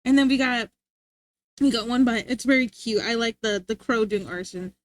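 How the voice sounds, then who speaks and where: A young adult woman livestreamer chats casually, rambling and giggling as she reads chat aloud. Her voice is a little high and her pace normal.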